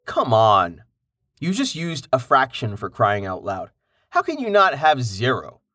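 A man voicing a curious, impatient young man who asks question after question in a slow, dry read. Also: mid-range voice, wildly swooping pitch, pushed and bright, dry recording, full character voice. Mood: exasperated. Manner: inquisitive, exasperated questions.

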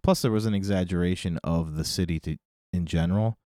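A man with a very low, mellow voice co-hosting a casual movie podcast. He talks bluntly and emphatically, repeating words to drive his point home. The recording is dry and close. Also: a little fast, dry recording. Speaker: podcast co-host.

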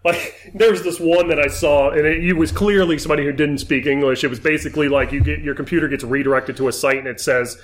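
A man in casual podcast chat who laughs easily and makes relaxed asides. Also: a little high, fast, few pauses.

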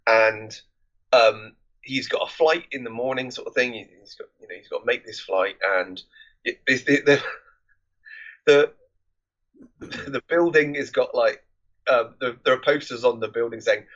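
Man, podcast host, casual plot recap, rambling, medium pitch, muffled lo-fi sound. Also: a bit bright. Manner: rambling, conversational storytelling.

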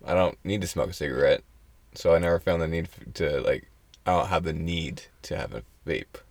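A man's voice: extremely low pitch, a little fast, gravelly, dry recording. A young man co-hosting a casual podcast chat, joking and laughing often. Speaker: podcast co-host.

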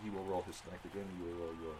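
A man narrating as game master of a tabletop game in an animated, chatty way. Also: deep voice, very fast, a loud crowd, low-quality recording. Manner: animated, chatty, laughs often.

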